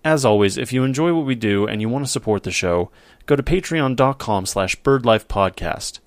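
Podcast host guy, wry and self-deprecating, pitch bounces around a lot. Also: lively intonation, normal speed, dry recording. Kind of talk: casual podcast chat.

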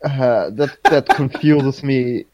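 A man's voice: medium pitch, slow, darkish tone, no room sound, low-quality recording. A man on a podcast, giggling often and playing easily confused. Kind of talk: casual chat.

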